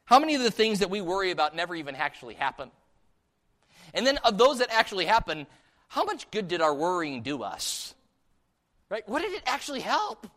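A man's voice: high-pitched, pushed and bright. A man preaching a sermon in a church service, putting many questions to the listeners. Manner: asks the congregation many rhetorical questions.

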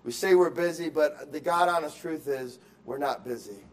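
Male pastor, high voice, sermon delivery: quiet reflection building to loud urging, restarts words as he preaches. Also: normal speed. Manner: swings from quiet musing to loud emphatic exhortation; acts out excuses in quoted voices.

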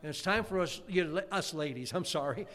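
A man's voice: on the high side, moderate pace. Folksy preacher man in a reverberant church. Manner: folksy, animated preaching with acted quotes. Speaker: pastor. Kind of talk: sermon. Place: church sanctuary.

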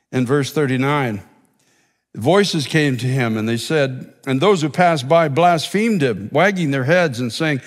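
A man's voice: medium pitch, in a large hall. A man preaching a sermon as pastor, building to emphatic repeated declarations. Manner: preaching with rising intensity and emphatic repetition.

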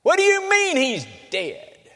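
A man voicing a desperate farm mother who cries out high and loud in disbelief. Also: wildly swooping pitch, slow pace, full character voice. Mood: disbelieving, urgent. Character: desperate farm mother crying out for her son. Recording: long reverb of a hall.

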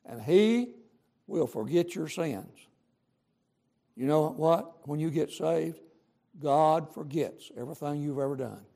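A man's voice: on the high side, lively intonation, slow, gravelly, pauses often, warm tone. A man preaching a sermon, fervent and emphatic, repeating lines for stress and using folksy grammar.

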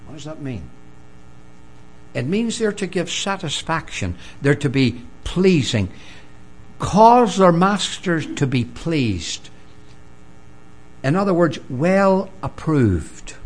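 An older man with a Northern Irish accent preaching a sermon, emphatic and swinging between loud declarations and quiet, low lines.

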